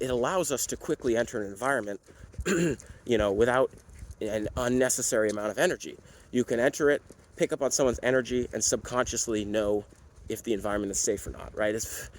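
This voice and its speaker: A man's voice: medium pitch, a little hiss or hum, rough recording. A man who works as a dog trainer, talking casually to camera with frequent fillers and tag questions. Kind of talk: casual talking-head explainer.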